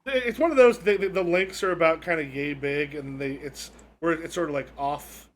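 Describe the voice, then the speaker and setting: A man's voice: fairly high pitch, normal speed. A man narrating as game master, rambling and full of fillers while he improvises.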